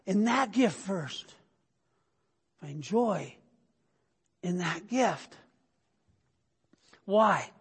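A man's voice: sits high, lively intonation, drawn-out words, pauses often, slightly rough. A middle-aged male pastor preaching a conversational sermon, full of restarts and sudden bursts of emphasis. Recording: long hall reverb.

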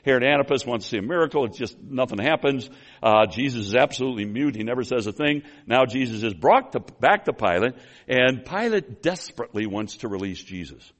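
Animated male preacher telling a story. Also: mid-range voice, fairly quick. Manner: animated storytelling that swings between loud emphasis and quiet asides; addresses the congregation as folks, with restarts and apologies for running long. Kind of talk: expository sermon.

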